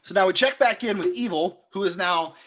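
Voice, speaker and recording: A man co-hosting a podcast, recapping a film in a casual, jokey way and slipping into squeaky impressions. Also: fairly quick. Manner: animated storyteller who puts on squeaky impressions; jokey, laughs often. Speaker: podcast co-host.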